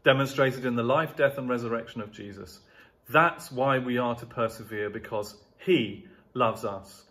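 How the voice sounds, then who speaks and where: A man's voice: medium pitch, a bit bright. A man delivers a sermon from the pulpit. His voice sits in an ordinary middle register, and he lifts and presses on key words, building points through repeated refrains. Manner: emphatic, rhetorical repetition, rising on key words. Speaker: pastor.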